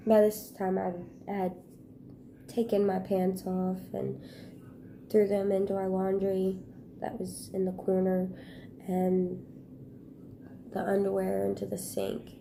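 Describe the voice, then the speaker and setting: A woman vlogger speaks slowly and hesitantly, her voice low and gravelly with a warm, dark tone. She tells a personal story in a flat, subdued delivery, breaking off and restarting her sentences. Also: a little hiss or hum. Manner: halting, hushed retelling with pauses and restarts.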